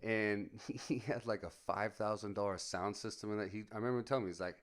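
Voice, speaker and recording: A man's voice: fairly low pitch, fairly even intonation, fast talker. Man in his forties, crude storyteller who keeps laughing and acts out each quote. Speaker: podcast co-host. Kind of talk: casual storytelling chat.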